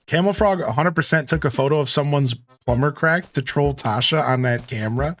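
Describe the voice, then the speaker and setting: A man's voice: a little high, a little fast, faint music behind. A man streaming a retro video game, chatting casually and joking with viewers as he plays. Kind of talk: casual gameplay commentary.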